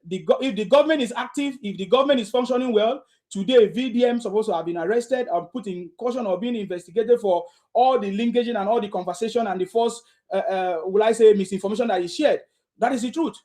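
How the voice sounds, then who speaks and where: A man's voice: high voice, fast, darkish tone. A man hosting a heated live talk room, lecturing listeners in a repetitive, confrontational way.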